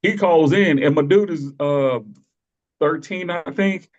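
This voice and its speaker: A man's voice: fairly high pitch, measured pace. A man co-hosting a casual wrestling podcast, telling stories with lots of laughter and acting out the people he quotes. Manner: animated storytelling, quotes people in exaggerated voices, laughs often. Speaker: podcast co-host. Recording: dull lo-fi sound.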